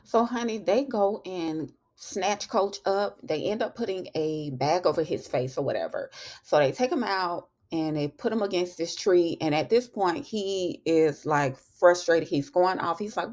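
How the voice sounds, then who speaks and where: A woman's voice: fairly low pitch, expressive, measured pace, a little mellow. A woman hosting a TV episode recap, telling it in a chatty, storytelling way, full of fillers and asides. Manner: chatty storytelling, lots of "you know" and "honey". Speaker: TV recap host.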